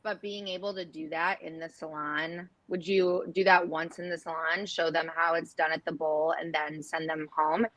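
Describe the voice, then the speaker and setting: A woman's voice: low-pitched, flat delivery, normal speed, few pauses, fairly bright tone, dry recording, rough recording. A woman interviewing a guest, encouraging and asking practical follow-up questions. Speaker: interviewer, editorial director.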